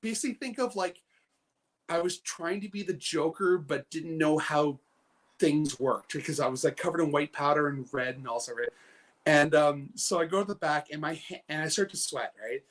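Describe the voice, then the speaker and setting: Man, guest storyteller, rambling, chuckling, slightly high voice. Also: normal speed, fairly bright tone. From Canada, British Columbia. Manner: rambling storyteller with frequent fillers and laughter. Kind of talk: casual anecdote telling.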